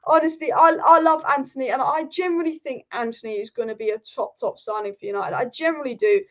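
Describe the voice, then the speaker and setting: High-voiced woman hosting football chat. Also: fast, highs cut off. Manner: animated, reads out viewer comments, swears casually. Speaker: football channel host. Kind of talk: live-stream football chat.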